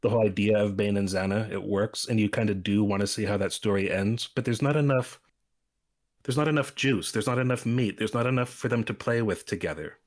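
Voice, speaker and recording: A man's voice: lowish voice, a little fast. A man co-hosting a podcast in casual chat, rambling with many restarts as he retells scenes. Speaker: podcast co-host.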